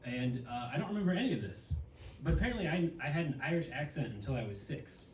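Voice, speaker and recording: A man's voice: fairly high pitch, expressive, fast talker, darkish tone. A young man from the United States doing a stand-up comedy set, hesitant with many fillers and chuckling at his own jokes. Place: comedy venue with live audience. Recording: echoey room, distant mic, noisy.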